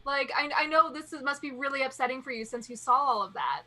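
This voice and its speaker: A woman's voice: high-pitched, fast. Woman doing a sugary good-cop retail voice. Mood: soothing. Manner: gentle, overly polite customer-service tone. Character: sweet, soothing female good-cop adventurer.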